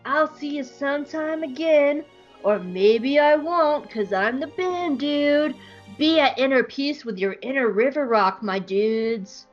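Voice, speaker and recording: A woman voicing a laid-back surfer-dude male cosmic being, drawling slowly like a slacker. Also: sits high, animated, lo-fi sound, soft background music.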